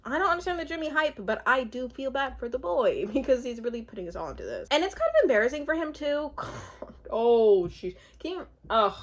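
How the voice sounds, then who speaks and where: Female vlogger, casual TV recap, giggly and expressive, bright voice with a swooping delivery. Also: sits high, a little fast. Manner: chatty, giggly and expressive, with frequent laughs.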